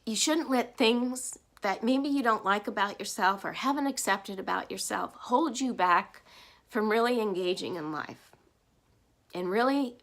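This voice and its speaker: Woman vlogging to camera, heartfelt and earnest, middle pitch, just talking it out. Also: a little slow, a bit bright. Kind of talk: personal reflective vlog.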